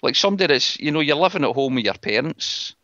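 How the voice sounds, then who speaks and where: A middle-aged Scottish man hosts a casual podcast chat, speaking bluntly and with scorn. His voice is a little high, expressive, fast, pushed and bright, and the recording is dry, dull and lo-fi.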